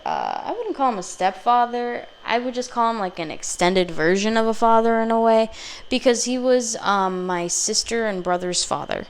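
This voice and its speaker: A young woman giving a casual tarot reading, talking freely with swearing, laughter and animated asides. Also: fairly low pitch, clean tone. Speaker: tarot reader.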